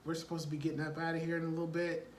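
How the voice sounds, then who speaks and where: A man's voice: fairly high pitch, flat delivery, racing, slight background noise, natural voice. A man voicing annoyed young soldiers protesting that their leave is being cut short. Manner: protesting, put out. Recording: roomy echo, distant mic.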